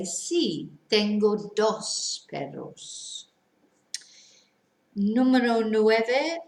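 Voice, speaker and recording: Female language teacher, unhurried and clear, recorded in a reverberant room. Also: medium pitch. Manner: models sentences slowly and clearly, then translates. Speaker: Spanish teacher. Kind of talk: slow language lesson. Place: lives in a Spanish village. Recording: echoey room.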